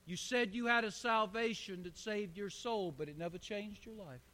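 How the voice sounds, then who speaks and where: A man's voice: high-pitched, moderate pace, pushed and bright, big-room sound. A man preaching a fervent sermon in church, calling on the congregation to answer back. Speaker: pastor.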